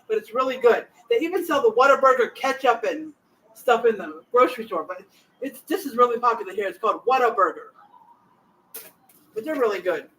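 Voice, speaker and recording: A woman's voice: a little high, a bit bright, far from the mic, low-quality recording. A woman home cook chatting casually to her viewers in her kitchen, rambling from one thought to the next. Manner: rambling, talks straight to viewers. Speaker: home cooking vlogger. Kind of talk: casual cooking chat.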